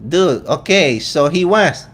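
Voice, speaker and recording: A man's voice: a little high, animated, a bit bright. Venezuelan man, joking commentary. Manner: incredulous, joking, quick asides. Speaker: vegan channel host. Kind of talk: casual commentary.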